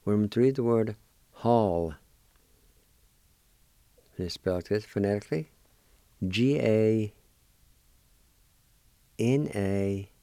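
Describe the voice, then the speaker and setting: A man teaches pronunciation at a deliberate, unhurried pace, spelling each word out letter by letter before he says it. His voice is smooth and mellow. He sounds close to the mic in a dry room. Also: fairly low pitch, dry recording. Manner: slow, patient, spells words out letter by letter. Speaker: language teacher and radio host. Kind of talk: slow spelling and pronunciation lesson.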